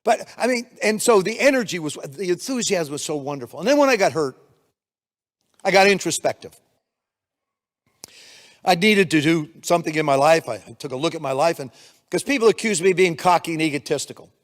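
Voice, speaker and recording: A man in his seventies from the United States delivers a motivational keynote, spinning stories and acting out the dialogue in them. His voice sits fairly high for a man. The sound rings with the long reverb of a large hall. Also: a little fast. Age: 70s. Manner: storytelling, animated, acts out dialogue. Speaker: keynote speaker.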